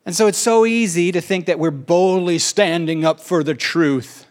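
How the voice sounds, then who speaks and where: Animated fast-talking preacher man. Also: high-pitched. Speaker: pastor. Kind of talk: sermon.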